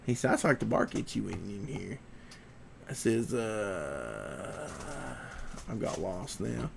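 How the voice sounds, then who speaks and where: A man's voice: lowish voice, lively intonation, slow, creaky, a little hiss or hum. A man, hosting a livestream podcast in a casual, rambling way, reading viewer comments aloud.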